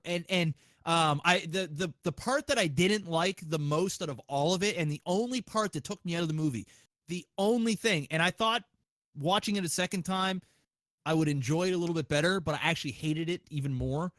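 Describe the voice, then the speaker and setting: A man hosting a podcast, chatting casually in an excitable, profane way with lots of restarts. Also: a little high, brisk, no room sound. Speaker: podcast host.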